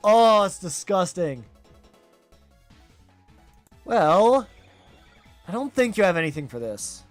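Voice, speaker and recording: A man with a high, light voice runs a live game stream, chatting to his viewers. He is animated and quick to scold himself. Soft game music plays faintly behind him. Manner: animated, self-critical, talks straight to viewers. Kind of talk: live gameplay stream commentary.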